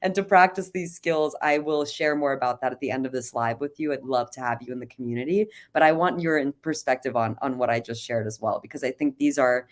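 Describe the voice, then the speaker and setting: A woman's voice: a bass voice, fast talker, few pauses. A woman hosting a live conversation, explaining earnestly and inviting her guest's view. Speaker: host and CEO.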